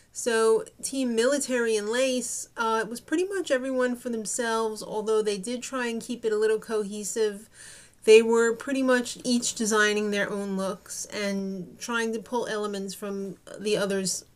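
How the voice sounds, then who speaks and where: Snarky gossipy woman recapping TV. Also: a little high. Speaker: show recap host. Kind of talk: casual TV recap commentary.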